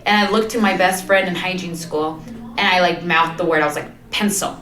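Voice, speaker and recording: A young woman co-hosting a podcast, telling a story in a lively, laughing, chatty way. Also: lowish voice, a little fast. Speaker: podcast co-host. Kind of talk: casual storytelling chat. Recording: roomy, off-mic sound.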